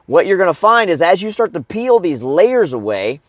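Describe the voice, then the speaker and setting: A man's voice: high voice, big pitch swings, moderate pace, dry recording, studio quality. A middle-aged man coaching other men, talking bluntly with heavy swearing and checking in with "okay?" and "right?". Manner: blunt and heavily profane, keeps asking "okay?" and "right?". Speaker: life coach. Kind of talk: motivational advice talk.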